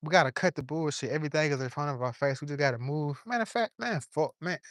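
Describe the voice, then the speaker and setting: A man's voice: a little high, quick pace, a bit bright, no room sound, studio quality. A man giving an impassioned, profane monologue to camera from his yard, preaching in plain street talk while a little under the weather. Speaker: vlogger.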